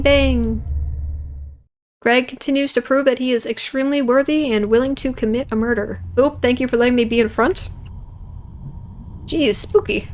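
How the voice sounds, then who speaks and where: A young woman plays through a story game, voicing every character's lines herself without changing her voice much. She jokes casually between the dialogue in a slightly high voice. A faint hiss sits behind the recording. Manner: casual, joking, reads all characters' lines in her own voice. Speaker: let's play streamer. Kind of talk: playing a game and reading dialogue aloud.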